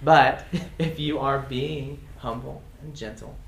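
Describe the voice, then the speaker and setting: A man's voice: mid-range voice, fairly even intonation, slow pace, gravelly. A man teaching a casual class, reading example phrases aloud and chuckling often. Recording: echoey room with faint noise.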